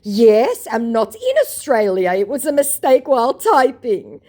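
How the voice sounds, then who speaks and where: A woman's voice: on the high side, very animated, unhurried, mellow, pitched above the performer's own voice. A woman putting on a wheedling male scammer. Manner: wheedling, overly sweet. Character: pushy male online romance scammer.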